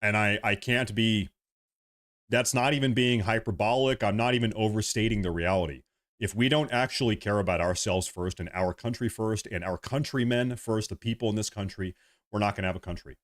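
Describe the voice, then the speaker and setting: A man's voice: on the low side, fairly quick, a bit bright. A young man ranting passionately in a livestream monologue, repeating himself and swearing as he reads viewer comments.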